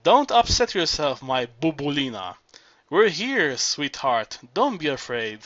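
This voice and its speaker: A man's voice: on the high side, sing-song, a little slow, fairly bright tone, no echo, highs cut off. A man doing a crafty, wheedling seducer. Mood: coaxing. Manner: wheedling, mock-tender coaxing. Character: crafty, lusty middle-aged man, fake tender.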